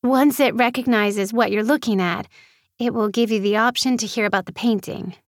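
An actress reading a nervous young woman's lines in an audiobook, with a breathy, slightly rough voice. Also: a little high, moderate pace, no room sound, studio quality, natural voice.

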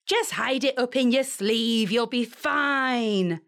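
An actress voicing a cheeky, bossy non-human sidekick in a fantasy audio drama. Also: female voice, fairly high pitch, takes it slowly, fairly bright tone. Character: cheeky non-human female fairy helper.

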